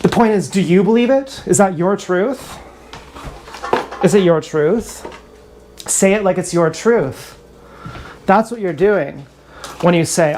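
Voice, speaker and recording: A woman with a fairly low voice rambles through an improvised livestream monologue. She is blunt and sarcastic and often mocks herself, with a faint hiss under the action-camera mic. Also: lively intonation, takes it slowly, long pauses, dark tone. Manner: sarcastic, self-mocking, blunt; wandering, half-improvised talk.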